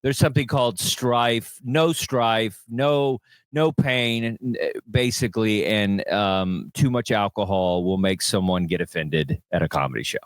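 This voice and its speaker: Low-voiced teasing comedian man. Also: measured pace, dry recording. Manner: teasing, repeats phrases. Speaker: podcast co-host, comedian. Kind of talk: casual comedy podcast chat.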